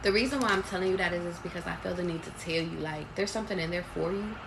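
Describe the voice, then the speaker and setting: A woman's voice: on the low side, quick pace, vocal fry, noisy background. Blunt, profane woman tarot reader. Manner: casual, blunt and profane, streams intuitive messages. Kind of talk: live tarot reading.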